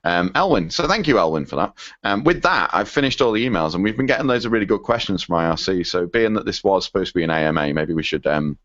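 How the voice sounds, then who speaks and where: Man, podcast co-host, low voice, rambling with ums, reading emails, dull lo-fi dry sound. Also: animated, quick pace, a bit bright, no room sound. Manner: rambling, frequent ums and self-corrections. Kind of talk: casual chat, reading listener emails.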